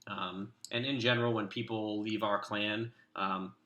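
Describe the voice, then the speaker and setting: A man leading a clan, giving relaxed, rambling commentary with lots of fillers. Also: fairly low pitch, a little slow, reverberant. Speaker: clan leader and video host. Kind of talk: casual game commentary.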